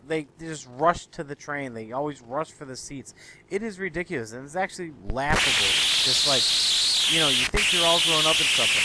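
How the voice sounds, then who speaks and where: A young man ranting through his everyday stories in a profane, exasperated, animated way, talking straight to his viewers. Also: fairly high pitch, slight background noise. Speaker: commentary vlogger. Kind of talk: ranting storytelling monologue. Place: Chicago area.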